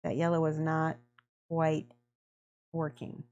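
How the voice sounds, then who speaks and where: A woman's voice: deep voice, monotone, slow pace, darkish tone, lo-fi sound. A woman hosting a miniature painting livestream, chatting effusively and thanking viewers by name while she works.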